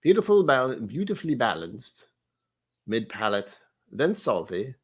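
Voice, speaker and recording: A man's voice: mid-range voice, very animated, breathy edge. A man putting on a pompous posh butler. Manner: plummy, measured, theatrical reading.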